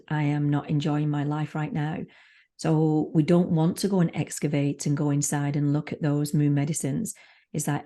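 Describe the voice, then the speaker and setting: A woman's voice: deep voice, warm tone. A woman who is a spiritual mentor, a guest on a podcast, speaking frankly and swearing freely in casual conversation.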